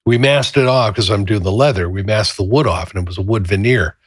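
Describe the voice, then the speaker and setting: A man co-hosting a faith-based podcast about fatherhood, telling stories in a casual, animated way. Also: lowish voice, fairly quick, husky, no echo, clean studio sound. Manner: animated storyteller, acts out quotes loudly. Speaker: podcast co-host. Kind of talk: casual chat with storytelling.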